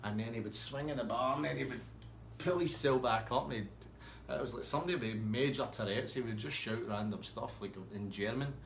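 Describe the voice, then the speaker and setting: A man's voice: mid-range voice, brisk, creaky, roomy sound, a little hiss or hum. Swearing man telling a rambling pub story. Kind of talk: casual anecdote.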